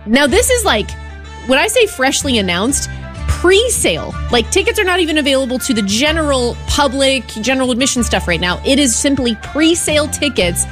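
A woman's voice: sits high, very animated, moderate pace, over music. A woman radio host chatting upbeat through an event announcement on a morning show. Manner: upbeat, chatty promo delivery. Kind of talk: morning radio promo chat.

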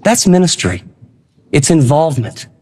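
A man's voice: a little high, very animated, normal speed, a little mellow. A man preaching a sermon, emphatic and full of rhetorical questions. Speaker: pastor.

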